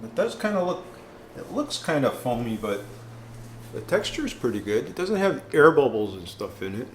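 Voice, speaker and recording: A man's voice: mid-range voice, big pitch swings, moderate pace, roomy sound, a little hiss or hum. A man hosting a casual cooking vlog, rambling with many ums and restarts, sometimes talking while tasting food. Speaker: keto cooking vlogger.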